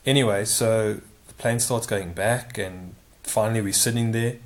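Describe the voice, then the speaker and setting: A man's voice: lowish voice, steady tone, moderate pace. Rambling man telling an anecdote. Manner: rambling, self-correcting, many asides. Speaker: storyteller. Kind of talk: casual spoken anecdote.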